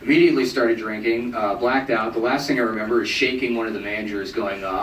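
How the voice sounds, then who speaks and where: A young man telling a stand-up story in a dry, deadpan way, now and then jumping high to quote others. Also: fast, few pauses, distant mic. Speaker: stand-up comedian. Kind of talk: stand-up set. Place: comedy club stage. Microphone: handheld stage mic, taped from the audience. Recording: roomy bootleg taped from the crowd. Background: crowd laughter.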